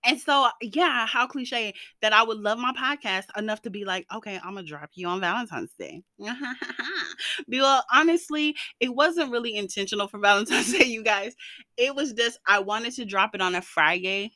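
A young woman chats through her podcast in a bright, lively voice, rambling freely and dropping playful slang. The sound is close and dry, with no room around her. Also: on the high side, moderate pace, no echo. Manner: chatty, animated and rambling. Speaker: podcast host. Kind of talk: casual solo podcast chat.

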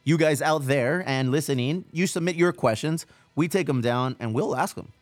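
Dude hosting a podcast, slangy, laughs a lot, dry close mic. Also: male voice, on the high side, moderate pace, dry recording. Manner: loose, slangy, laughing banter mixing Spanish words. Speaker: podcast host. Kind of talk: casual podcast chat.

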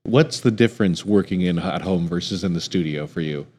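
A man hosts a casual interview in a friendly, halting way, often restarting his questions. His voice sits a bit low. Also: a little mellow, husky. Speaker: interview host.

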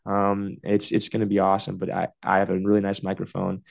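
A man co-hosting a faith podcast, talking earnestly and softly, laughing easily, and leading a spoken prayer into a podcast microphone. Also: low voice, completely flat delivery, fast talker, vocal fry. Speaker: podcast co-host. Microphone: new podcast microphone.

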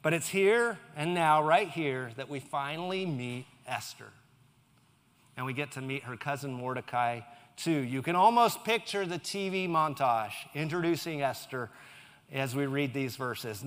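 A male pastor delivers a sermon in a relaxed, conversational way and drops light jokes to the congregation. His voice sits a bit high for a man. A long reverb trails every phrase, as in a large church hall. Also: a little slow. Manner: conversational, with joking asides to the congregation.

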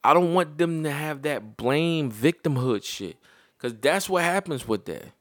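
A man's voice: on the high side, expressive, a little slow, fairly bright tone, no room sound, clean studio sound. A man and parent giving a blunt, heated, profane opinion monologue to his viewers.

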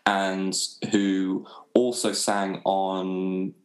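Deep-voiced young English man, laid-back. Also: level tone, drawn-out words, echoey room, rough recording. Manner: laid-back, swears freely, laughs often. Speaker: podcast guest. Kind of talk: casual chat.

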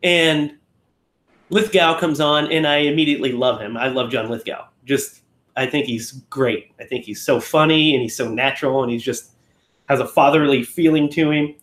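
A man's voice: medium pitch, normal speed, a bit bright, roomy sound. A man co-hosting a casual film discussion, rambling and correcting himself as he talks, often acting out lines. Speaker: podcast co-host.

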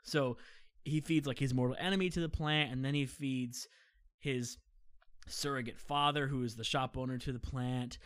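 A man of ordinary pitch chatting on a podcast. He rambles through a story, stacking fillers and restarts and laughing along the way. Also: steady tone, moderate pace, fairly bright tone, clear, resonant tone, dry recording. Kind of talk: casual chat.

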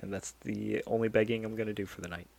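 A man's voice: fairly low pitch, steady tone, fast, gravelly, darkish tone. A man co-hosting a gaming news podcast in a laid-back, teasing way, sounding sleepy. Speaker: podcast co-host. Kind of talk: casual chat.

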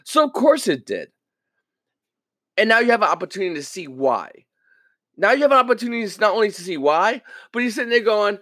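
A man with a high, lively voice talks straight into the mic in a casual podcast monologue. He keeps it animated and slips into character when he quotes other people. The sound is dry and close. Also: brisk, pauses often, no room sound. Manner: animated, acts out quoted viewers. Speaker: podcast host.

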